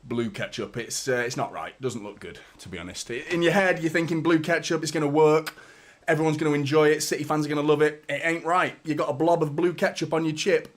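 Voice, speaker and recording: Man, fan stream host, excitable and rambling, swears casually, fairly high voice. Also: fast. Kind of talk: casual live-stream chat.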